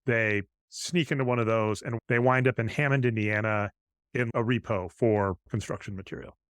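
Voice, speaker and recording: This podcast co-host has a fairly low voice with fairly even intonation and speaks at a moderate pace in a dry recording. Chatting casually, he recaps a film by describing its scenes and quoting its characters.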